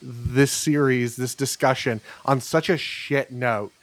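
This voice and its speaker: A man's voice: medium pitch, fairly even intonation, slow, no room sound. Male co-host, dry close-miked sound, blunt and dismissive in casual chat.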